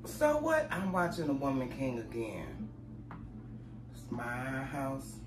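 A man's voice: medium pitch, unhurried, music in the background. Guy rambling to his camera at home, voice all over the place, kinda echoey room. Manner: rambling, chatty, animated storytelling. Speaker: lifestyle vlogger. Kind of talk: casual chat to camera.

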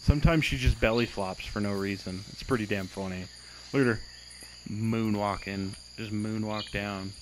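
A man's voice: fairly low pitch, steady tone, moderate pace, background noise. A young man giving casual, exasperated commentary on a game he is playing, swearing and mocking its glitches. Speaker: gameplay commentator.

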